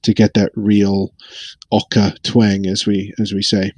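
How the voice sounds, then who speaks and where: Low-pitched man with a light Australian accent, dry wit, close dry sound. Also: completely flat delivery, measured pace, darkish tone, no echo. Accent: mild Australian. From Brisbane, Australia. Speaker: tabletop game player. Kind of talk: casual chat.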